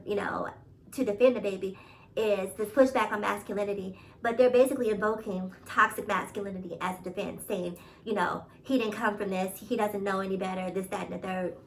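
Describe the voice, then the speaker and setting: A woman's voice: medium pitch, fairly even intonation, fairly quick, creaky, a bit bright, recorded from a distance, a little hiss or hum, poor audio. A woman with a New York accent giving casual opinion commentary, emphatic, repeating her points and laughing often. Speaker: commentary vlogger.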